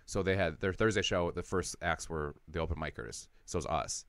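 Man from wisconsin, very low voice, animated comedy stories, dry close sound. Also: a little fast, vocal fry, no echo. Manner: animated storyteller, acts out quotes. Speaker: comedian, podcast co-host. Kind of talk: casual chat, storytelling.

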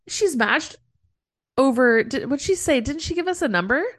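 A woman's voice: high-pitched, expressive, measured pace. A woman co-hosting a podcast, recapping a TV episode in casual chat and laughing often mid-sentence. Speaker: podcast co-host.

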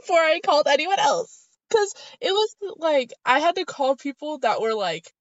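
Very animated and pitched high, a young podcast co-host spins a meandering story at normal speed, with frequent laughter in the casual chat. The recording is dry, slightly dull lo-fi audio with no echo.

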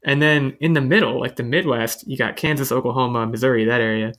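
A man's voice: medium pitch, steady tone, fast talker, fairly bright tone. A man hosting a casual podcast chat, chatty and self-mocking, thinking aloud with frequent restarts. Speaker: podcast host.

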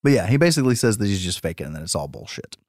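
A man's voice: fairly low pitch, very fast, dry recording, studio quality. A man hosting a podcast, recapping a movie in a casual, profane way and laughing often. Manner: profane, laughing, animated storytelling. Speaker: podcast host.

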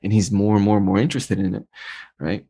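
A man who is a film director, telling a story in conversation with lively delivery, often acting out the voices and sounds of the people he talks about. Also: lowish voice, fast, creaky, breathy edge.

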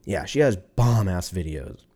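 A man in his thirties hosts a podcast by himself, meandering, cursing casually and laughing along with his own jokes. His voice sits low and mellow, with lively intonation and an unhurried delivery.

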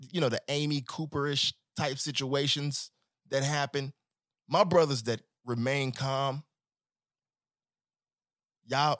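A man hosting a podcast in a casual solo monologue, profane and animated, swinging between joking and earnest talk. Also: medium pitch, no echo, clean studio sound. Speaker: podcast host.

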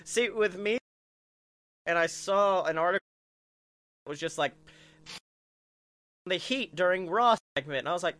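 A man hosting a casual wrestling podcast, excitable and quick to laugh, who slips into goofy put-on voices. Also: sits high, no echo.

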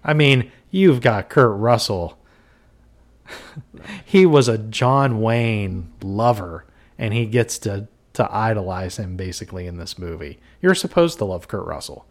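A man with a fairly low voice co-hosts a podcast. He talks casually and keeps breaking into laughter as he reads out favorite lines. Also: expressive, a little slow. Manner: laughs often while reading movie quotes. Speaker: podcast co-host. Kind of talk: casual chat.

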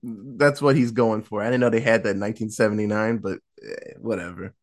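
A man's voice: on the low side, fairly quick. A man casually recapping a horror film in a podcast chat, acting out the characters' lines with laughs and profanity. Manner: animated storytelling, acting out quotes, laughing, profane.

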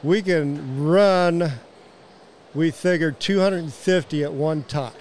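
A man's voice: fairly high pitch, slow, darkish tone, a little hiss or hum. A man with a Midwestern American accent who organizes youth archery, explaining tournament logistics in casual conversation. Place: outdoor venue at a fairgrounds.

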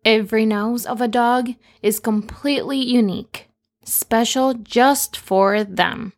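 Slow, playful woman co-host for children. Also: a little high, fairly even intonation. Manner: playful, telling jokes and asking questions of children. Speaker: co-host teaching Spanish words. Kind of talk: slow, cheerful teaching for young children.

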